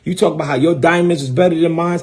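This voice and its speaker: A man's voice: fairly high pitch, quick pace. A middle-aged man, a bishop ranting defiantly on a live stream and repeating his phrases for emphasis. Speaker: bishop and preacher.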